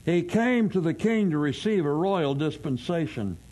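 A pastor delivers a sermon in a folksy, storytelling way. His voice sits a bit high for a man. He keeps breaking off to ask his listeners questions. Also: lively intonation, moderate pace, darkish tone.

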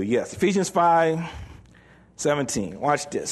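A male pastor preaching a sermon in an animated, joking way, reading scripture and acting out the voices of doubters. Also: on the high side, normal speed, breathy edge.

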